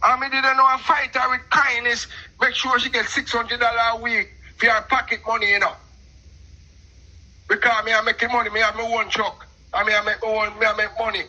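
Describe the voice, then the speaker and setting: A middle-aged Jamaican man telling a long personal story in patois, animated and talkative, calling in to a show. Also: extremely high pitch, fairly quick, dull audio. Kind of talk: casual storytelling on a call-in show.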